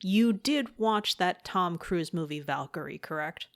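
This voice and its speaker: A woman with a lowish voice co-hosts a film podcast. She banters casually and pokes fun at her co-host. Her interjections come across as playful. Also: animated, unhurried.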